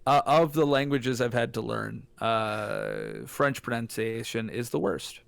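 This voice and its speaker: A man's voice: medium pitch, very animated, unhurried, gravelly, fairly bright tone. A man streaming a text adventure with a friend, reading the game text aloud and ranting jokingly between turns. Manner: reads game text aloud, jokey rants. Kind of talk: casual co-op gaming chat.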